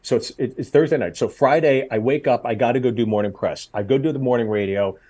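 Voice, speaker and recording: A comedian in his forties telling a story in casual chat, getting loud and high when he acts out quotes. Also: quick pace. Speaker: comedian guest.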